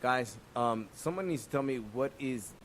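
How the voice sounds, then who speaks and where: A man who works as a chef, co-hosting a casual podcast, cracking dry jokes and then telling a calmer story of his own. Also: medium pitch, normal speed, a little hiss or hum. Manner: dry joking interjections, quieter when narrating.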